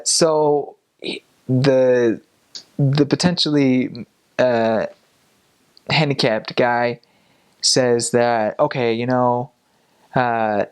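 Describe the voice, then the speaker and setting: A young man recounts a story in a casual, easygoing vlog. He is animated, laughs often and slips into the voices of the people in his story. His pitch sits in the middle for a man. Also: slow pace, long pauses, clean tone. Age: young adult. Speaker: former missionary telling a story.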